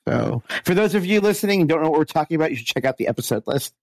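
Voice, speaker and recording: A man guesting on a podcast, talking casually with a hoarse, worn-out voice and a rambling manner full of restarts. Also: on the high side, expressive, very fast, no echo. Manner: rambling, many restarts and fillers. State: hoarse, lost voice.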